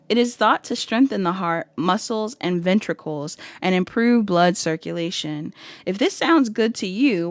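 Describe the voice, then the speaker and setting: A chatty woman tarot reader speaking in a middle-pitched voice and addressing viewers directly as she reads. She often breaks off laughing at herself. The sound is dry and close, with no room echo. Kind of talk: casual pick-a-card reading.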